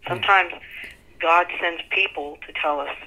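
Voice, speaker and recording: A woman's voice: on the low side, moderate pace, rough recording. A middle-aged woman with a Texan accent, a singer talking as an interview guest and acting out what others told her. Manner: animated, acts out quoted voices. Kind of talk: conversational storytelling.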